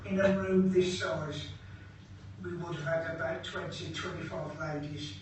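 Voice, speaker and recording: An older man guiding visitors around a museum, explaining in a halting way with hesitations and dry jokes. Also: on the high side, steady tone. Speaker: museum guide. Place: museum indoors. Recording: very echoey room from far off, background noise.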